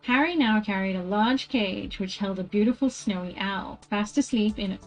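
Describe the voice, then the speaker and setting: A woman reads a book aloud to her stream at an ordinary middle pitch. She often trips over a word, restarts and apologizes before carrying on. Faint music runs quietly in the background. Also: moderate pace, low-quality recording. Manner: stumbles over words, corrects herself and apologizes. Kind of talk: casual read-aloud on stream.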